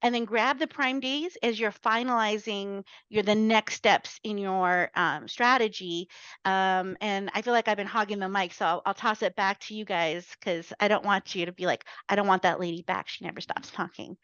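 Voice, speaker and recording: A woman's voice: mid-range voice, normal speed, a bit bright, smooth, no echo. A chatty woman giving webinar advice, jumping into asides and correcting herself as she goes. The sound is dry and a little dull, as on a lo-fi connection. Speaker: webinar guest speaker. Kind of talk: casual webinar talk.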